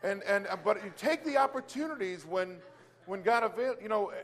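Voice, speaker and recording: Here a Christian business owner recounts praying for a client in a casual testimony, his high-pitched voice expressive, a bit bright and at normal speed. He rambles with many restarts and fillers, exclaiming Hallelujah along the way.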